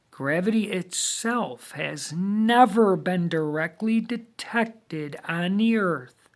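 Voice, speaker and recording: Slow, deliberate lecturing man. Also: high voice. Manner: emphatic, deliberate, with rhetorical questions. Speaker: video monologue host. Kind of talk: lecturing monologue.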